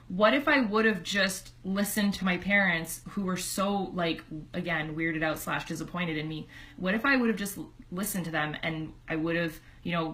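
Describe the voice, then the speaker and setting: A young woman talks to her webcam from home in a chatty, heartfelt way, full of "like" fillers. Her voice is bright and forward, set a touch low for a woman. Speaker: online fitness coach. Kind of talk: casual personal storytelling to camera. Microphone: computer webcam.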